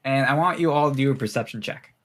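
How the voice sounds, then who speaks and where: A man's voice: medium pitch, fast talker, a bit bright. A young man narrating as game master in a casual, laughing way, with many fillers.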